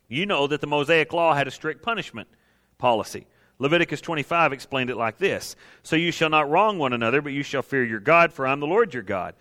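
A man's voice: a little high, sharp tone. A man preaching a sermon, folksy and emphatic, speaking directly to his congregation. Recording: long hall reverb.

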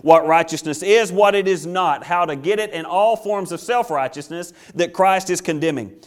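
A man's voice: high voice, normal speed. A male pastor preaching a sermon with an emphatic, repetitive cadence.

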